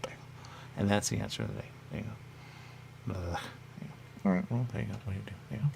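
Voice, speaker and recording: A man hosting a radio talk show, rambling on his own and repeating the same catchphrase over and over, sometimes acting out other people in a high voice. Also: fast talker, vocal fry, a little mellow, whispered. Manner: rambling, repeats "there you go" constantly.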